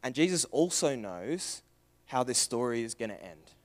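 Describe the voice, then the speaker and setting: A young man delivering a sermon with an earnest, searching tone. He asks question after question, then lets his voice drop low and soft for the tender parts. His pitch sits in a plain middle range for a man. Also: very animated, moderate pace. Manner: earnest, questioning, swings from loud to hushed. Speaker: preacher.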